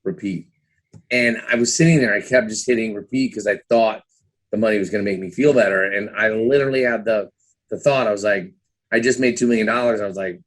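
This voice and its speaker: A man's voice: fairly low pitch, fairly quick. A man around fifty, a podcast guest telling his story casually, with lots of "you know"s and acted-out quotes of his own past thoughts. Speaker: guest, former trader and author.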